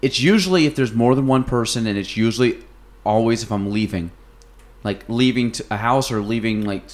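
A man's voice: medium pitch, a little fast. A young man hosting a podcast, chatting casually and rambling with lots of fillers and restarts. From North Country, New York. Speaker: podcast host. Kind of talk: casual chat.

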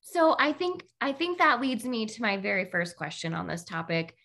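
Speaking at a moderate pace in a voice on the high side, this podcast host spins lively workplace anecdotes in a casual style, performing the quotes of the people involved.

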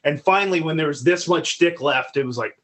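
A man, a podcast guest, telling stories in casual chat, profane and animated. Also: fairly high pitch, a little fast.

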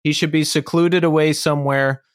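A man hosting a podcast, interviewing a guest in a relaxed, friendly way. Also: fairly high pitch, normal speed, dry recording, studio quality. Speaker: podcast host.

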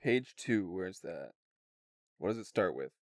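Guy on a podcast slowly reading smut, clearly hating it, dry close mic. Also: sits low, sing-song, no echo. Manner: reluctant, swears and gives up. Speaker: podcast co-host. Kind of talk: reading erotica aloud for laughs.

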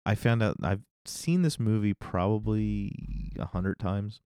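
A man's voice: fairly low pitch, steady tone, measured pace, darkish tone, clean tone, no room sound, studio quality. A middle-aged man co-hosting a podcast in casual chat, rambling and correcting himself, often laughing. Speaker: podcast co-host.

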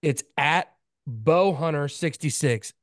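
A man's voice: a little high, takes it slowly, no room sound, studio quality. A man hosting a podcast in a casual, easygoing way, chatting with his guest. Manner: easygoing, plugs the guest's socials. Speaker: podcast host.

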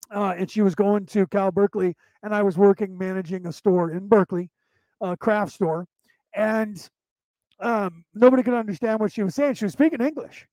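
High-voiced man telling rambling stories. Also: a little mellow, no room sound, rough recording. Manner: chatty, anecdotal, often restarts sentences. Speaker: show host. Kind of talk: casual rambling storytelling.

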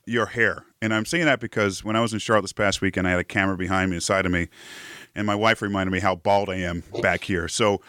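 A man's voice: sits low, fairly even intonation, quick pace, sharp tone, clear, resonant tone, no echo, studio quality. A man hosting a live podcast, chatting casually with lots of fillers and laughs. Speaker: podcast host. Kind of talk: casual livestream chat.

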